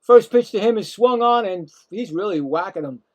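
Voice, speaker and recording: A man calling live play-by-play as a stream host, excitable, ranting at calls and talking straight to his viewers. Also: high-pitched, normal speed.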